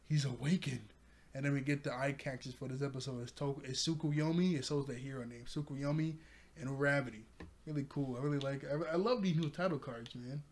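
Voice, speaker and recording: A man's voice: mid-range voice, a little hiss or hum. A man casually recapping an anime episode at home in front of a TV, rambling, often laughing and correcting himself. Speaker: anime reviewer. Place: room with a TV.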